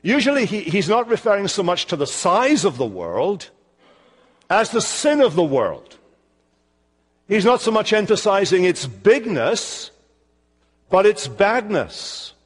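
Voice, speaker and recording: An older man with a Scottish accent preaching a sermon in a church, slowing down to stress his key words. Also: high voice. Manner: expressive preaching, slowing for emphasis. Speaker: pastor. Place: church sanctuary. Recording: long church reverb.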